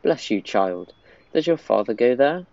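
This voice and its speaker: A man reading the lines of a gruff old male cowboy cook from a mobile game, in his own plain voice without an accent. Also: medium pitch, lively intonation, measured pace, darkish tone, highs cut off, slight background noise. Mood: amused reading.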